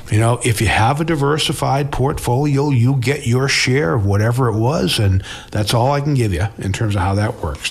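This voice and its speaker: A man's voice: medium pitch, breathy edge. A middle-aged man who works as a financial advisor, answering interview questions in a conversational way, restarting words and often ending his points with "okay?".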